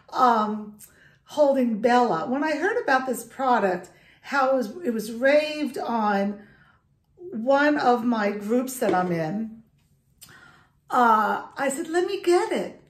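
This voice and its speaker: A woman's voice: on the high side, takes it slowly. A woman hosting a dog food vlog who vents in an emotional, upset way while holding her dog. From Italian heritage. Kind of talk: casual vlog talk to camera. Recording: echoey room.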